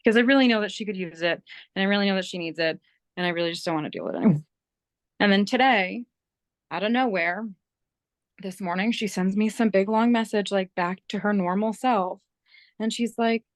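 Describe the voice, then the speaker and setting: A woman's voice: mid-range voice, brisk, no echo. A woman casually telling a story, acting out both sides of a conversation, candid and swearing. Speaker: team member sharing a story.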